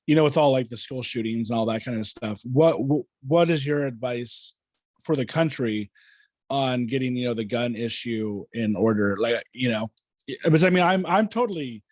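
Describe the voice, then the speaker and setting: A man hosting a podcast with a voice of average pitch. He asks long, hesitant questions and leans heavily on fillers. The sound is dry and close to the mic. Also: normal speed, a little mellow, no room sound. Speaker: podcast host. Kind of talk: casual podcast interview.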